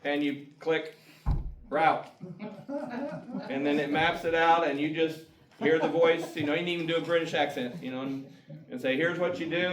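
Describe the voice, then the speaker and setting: A folksy man gives a casual talk at a community meeting and often chuckles as he makes his points. His voice sits a little high and is picked up from some distance. The room echoes, and soft guitar music plays behind him. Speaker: guest speaker.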